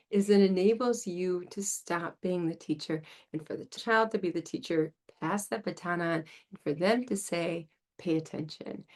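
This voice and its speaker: Woman, speech therapist, podcast host, upbeat, explanatory, talks straight to listeners. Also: mid-range voice. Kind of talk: instructional podcast teaching.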